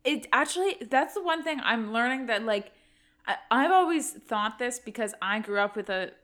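A woman's voice: fairly high pitch, expressive, normal speed, a bit bright. Chatty Canadian woman co-host. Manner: chatty, frequent "like" fillers. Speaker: podcast co-host. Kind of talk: casual chat.

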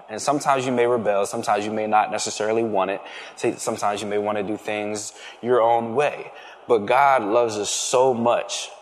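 A young man speaking to an audience, giving a casual faith testimony full of fillers and restarts. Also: fairly low pitch. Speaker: guest speaker. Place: hall with an audience. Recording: reverberant hall.

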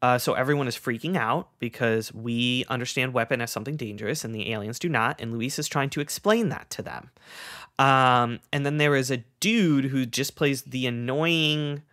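A man's voice: medium pitch, normal speed, a bit bright, no room sound, studio quality. A man co-hosting a podcast, telling stories in a loose, laughing way with many fillers. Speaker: podcast co-host. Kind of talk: casual chat.

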